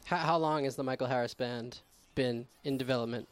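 A man's voice: medium pitch, fairly even intonation, fairly quick. A man hosting a casual radio interview, asking questions and joking playfully. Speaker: radio show host.

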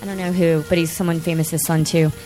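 A woman in her thirties hosting a casual chat show, rambling and excitable with lots of fillers. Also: low voice, fairly quick, faint music behind. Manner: excitable, animated outbursts. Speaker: podcast host.

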